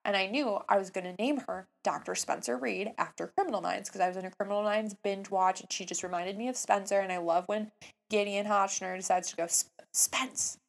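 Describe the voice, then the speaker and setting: A young woman in her twenties telling a story casually, with animated jumps between hushed asides and excited outbursts. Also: medium pitch, a little fast, vocal fry.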